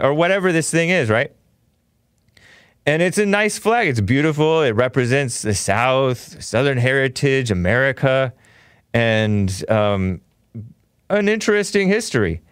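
A man's voice: mid-range voice, lively intonation, measured pace, smooth, no room sound, clean studio sound. A man hosting a talk show, ranting in a combative, mocking, rambling way. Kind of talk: casual talk show rant.

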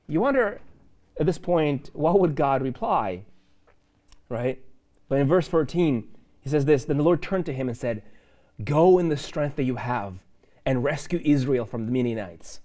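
A man preaching a sermon in a church, conversational and lively, with fillers and asides. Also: on the high side, normal speed. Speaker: pastor.

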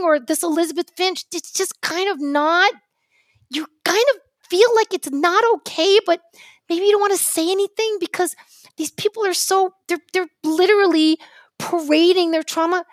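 A woman's voice: very high-pitched, dry recording. A woman with a New York accent, telling stories on a podcast in a rambling, impassioned way. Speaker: podcast co-host, journalist. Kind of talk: casual podcast chat.

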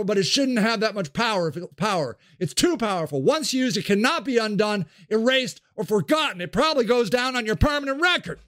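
Male podcast host, high and dry, close to the mic, ranting with profane, fiery passion. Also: lively intonation, a little fast, hardly any pauses, fairly bright tone, dry recording. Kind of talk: spoken-word monologue.

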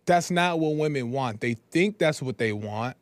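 A man of middle pitch gives opinionated podcast commentary, sometimes pausing to search for words. His voice is close and dry, with no room sound. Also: expressive, no room sound. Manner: opinionated, hesitant, with restarts and fillers. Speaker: podcast host. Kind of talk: commentary on a clip.

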